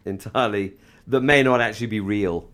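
A man's voice: on the low side, fairly quick, a bit bright. A man co-hosting a casual fan podcast, rambling with many restarts and asides. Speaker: podcast co-host.

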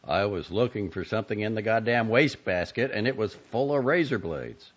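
A man voicing a scruffy, excitable young man who breaks into loud, profane outbursts. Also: lowish voice, fairly quick, breathy edge, voice pushed up. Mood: agitated. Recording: dull lo-fi recording.

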